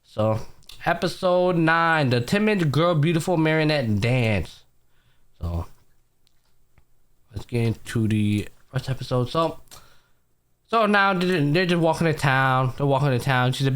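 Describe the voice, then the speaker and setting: A man's voice: a little high, lively intonation, unhurried, smooth. A young man hosting a podcast, casually retelling anime episodes, acting out the characters' lines in loose, slangy talk with some swearing. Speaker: podcast host. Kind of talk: casual anime recap chat.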